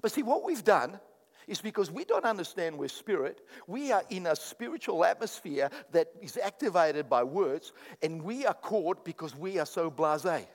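Animated high-voiced male pastor preaching. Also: normal speed, big-room sound. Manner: animated preaching, mock prayers, sudden loud bursts. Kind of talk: sermon.

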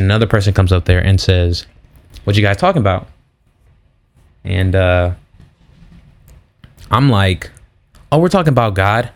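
A young man hosting a faith podcast, telling stories in a casual, slangy, animated way. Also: on the low side. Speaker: podcast host. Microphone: podcast mic.

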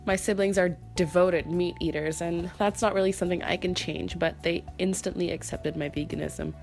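A young woman talks through her own podcast in a chatty, earnest scripted monologue. Her voice sits low for a woman and sounds nasal and congested from a cold. Soft music plays faintly underneath. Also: fairly even intonation, moderate pace, vocal fry. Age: young adult. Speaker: podcast host.

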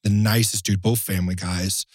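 Low-voiced man telling a story. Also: moderate pace, no echo, clean studio sound. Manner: animated storyteller, acts out quotes, swears casually. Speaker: guest, knife maker. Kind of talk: casual podcast chat.

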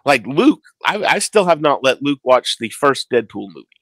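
A man in his forties co-hosting a casual podcast chat, telling stories and acting out quotes with lively emphasis. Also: mid-range voice, normal speed, no echo. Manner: animated storyteller, acts out quotes. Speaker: podcast co-host.

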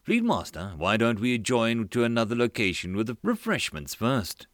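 A man voicing a quick, protective young female beast-girl aide. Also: medium pitch, wildly swooping pitch, a bit bright, no echo, clean studio sound.

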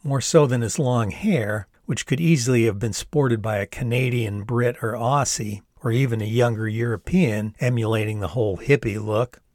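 A man's voice: mid-range voice, moderate pace, few pauses, darkish tone, no echo, clean studio sound. Older man reading his own memoir. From the United States. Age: 60s. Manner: wry, conversational storytelling. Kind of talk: storytelling narration.

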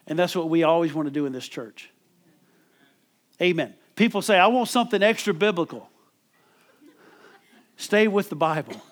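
A middle-aged man preaching a sermon as pastor, emphatic and calling for amens from the congregation. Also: on the high side. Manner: emphatic preaching with call-and-response.

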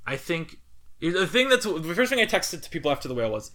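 A man's voice: fairly high pitch, very animated, fast, fairly bright tone. A man co-hosting a casual podcast, rambling through opinions and laughing often. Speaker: podcast co-host.

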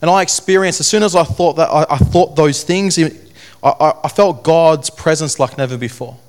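A man with a fairly high voice gives a personal testimony to an audience. He speaks earnestly but haltingly, repeating phrases.

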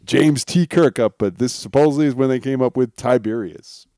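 A man co-hosting a casual podcast, relaxed as he shares trivia with small chuckles. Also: medium pitch, normal speed, no room sound, clean studio sound. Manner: relaxed storytelling of show trivia, chuckles often. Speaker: podcast co-host.

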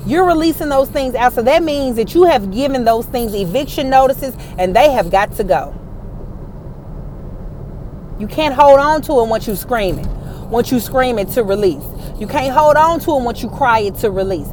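A woman's voice: fairly high pitch, expressive, moderate pace, darkish tone, a little hiss or hum. Emphatic woman rallying her listeners. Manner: emphatic, repetitive, rallying the audience. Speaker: host addressing viewers and listeners. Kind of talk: motivational faith talk.

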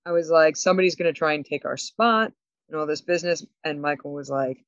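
A woman co-hosting a podcast, telling a story with lots of laughs and quick asides. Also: sits low, dry recording, dull audio. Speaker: podcast co-host. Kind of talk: casual chat.

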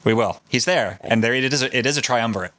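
A man hosts a podcast and tells a story in loose, profane, excited chat. His voice sits in the middle range. The sound is dry and close, with no room echo. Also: mid-range voice, fast talker. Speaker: podcast host.

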